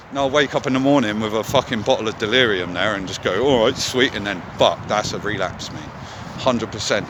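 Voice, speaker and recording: A man's voice: on the low side, background noise. A man vlogging in a candid, casual monologue, swearing often as he talks.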